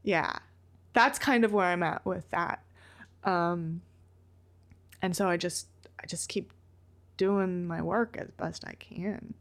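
A woman's voice: fairly low pitch, slow pace, long pauses. A woman guest on a podcast, speaking candidly and reflectively, thinking aloud into a large studio microphone.

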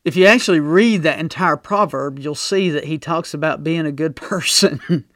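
A male pastor preaching a sermon, telling folksy stories and swinging from loud to soft. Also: fairly high pitch, moderate pace, dry recording, clean studio sound. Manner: folksy storytelling with big swings in loudness.

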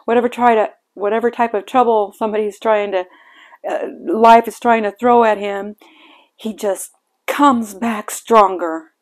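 Slow, emotional older woman sharing devotions. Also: a little high, steady tone. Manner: emotional, heartfelt, with sighs. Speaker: devotional podcast host. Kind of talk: personal devotional reflection.

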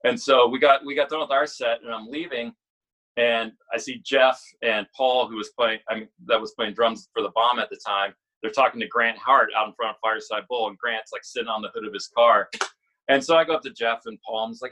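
A man in his forties, a musician guest, telling stories in casual chat, animated, swearing freely and laughing often. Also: mid-range voice, fairly quick, rough recording.

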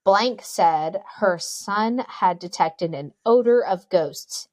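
A woman's voice: mid-range voice, slow, darkish tone, dry recording. A woman podcast co-host telling a spooky story in casual chat, joking asides and reading out an old news article. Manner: chatty, jokey asides, frequent ums.

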